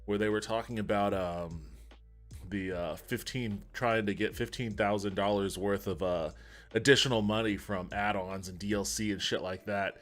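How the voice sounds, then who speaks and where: A man's voice: fairly low pitch, steady tone, moderate pace, faint music behind. A man from Texas hosting his podcast livestream, rambling casually and a bit profanely into a USB desk mic at home. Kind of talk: casual solo livestream chat. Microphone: USB desk mic on a stand.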